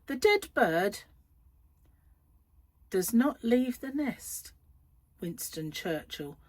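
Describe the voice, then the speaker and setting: A middle-aged woman who hosts a crochet channel chats casually to camera indoors at home, rambling and laughing often. Her voice sits fairly high with big pitch swings, drawn-out words and a darkish tone, in a dry recording.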